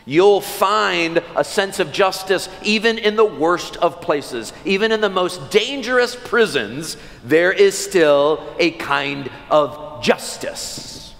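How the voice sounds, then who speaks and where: Pastor preaching in a reverberant sanctuary. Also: male voice, sits high, lively intonation, slow, gravelly, few pauses, fairly bright tone. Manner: storytelling, acts out children's voices. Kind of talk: sermon. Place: large church sanctuary. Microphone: church sound system mic. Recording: long church hall reverb.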